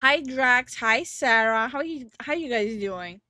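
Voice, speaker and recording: Young woman streamer, giggly chat host, unhurried delivery. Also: fairly high pitch, lively intonation, bright, forceful tone, no echo. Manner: giggly, greets chat viewers. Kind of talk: casual livestream chat. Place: home streaming room.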